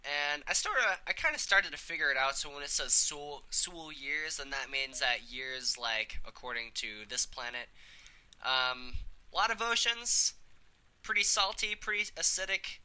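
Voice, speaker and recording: Young male let's play host, fairly high, very bright; casual reading with halting commentary. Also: lively intonation, clean tone, rough recording. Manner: casual, halting, with fillers and asides. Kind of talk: reading a visual novel aloud with casual commentary.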